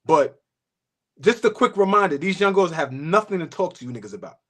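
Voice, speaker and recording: A man co-hosting a sports talk show, animated and profane, breaking into laughter. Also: a little high, fairly quick. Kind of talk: casual sports chat.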